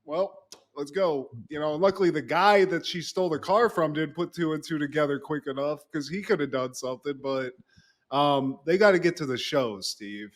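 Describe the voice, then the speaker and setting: Guy on a podcast, slightly high voice, retelling the plot, doing the characters, cussing a lot. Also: a little fast. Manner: animated, acts out quoted lines with profanity. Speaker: podcast co-host. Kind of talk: casual recap chat.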